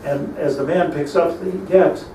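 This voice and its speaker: A man's voice: a little high, steady tone, moderate pace, warm tone, slight background noise. A middle-aged man, a rabbi, giving a storytelling sermon that mixes Hebrew terms into English and builds to emphatic peaks. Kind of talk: sermon on lamentations. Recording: echoey room, mic at a distance, faint ambience.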